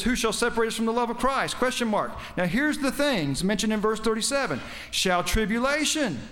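A man's voice: sits high, a bit bright. A man preaching a sermon, quoting scripture with emphasis and putting questions to his congregation. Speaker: pastor.

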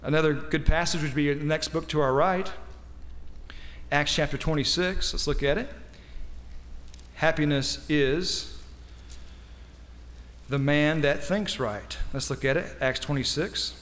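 A high-pitched male pastor preaches to a congregation, moving from calm, measured scripture readings to fervent, climbing peaks of emphasis. His voice rings out with a long, trailing reverb, as if recorded in a large church sanctuary. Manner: builds from quiet scripture reading to emphatic, rising climaxes. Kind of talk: sermon.

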